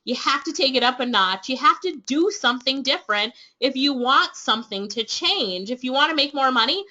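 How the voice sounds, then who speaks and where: A Jamaican woman runs an online class webinar with eager, persuasive energy. Her voice sits high and bright. The sound is dull and lo-fi, like a webinar stream. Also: expressive, a little fast. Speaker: online business trainer hosting a webinar. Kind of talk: upbeat sales pitch to webinar attendees.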